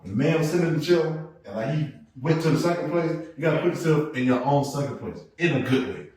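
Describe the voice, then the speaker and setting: A man co-hosting a podcast, chatting casually and telling stories, jumping between loud bursts and low asides. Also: fast talker. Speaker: podcast co-host. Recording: echoey room, mic at a distance.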